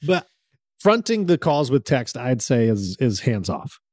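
Opinionated podcast co-host, dry sound. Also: male voice, mid-range voice, big pitch swings, unhurried, darkish tone, no room sound. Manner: opinionated, laughs between points. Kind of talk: casual podcast chat.

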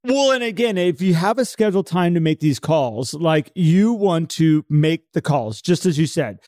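A man with a slightly high voice co-hosts a casual podcast, recorded dry and close. He talks in an animated way, often slipping into imagined phone reactions. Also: normal speed, dry recording. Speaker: podcast co-host.

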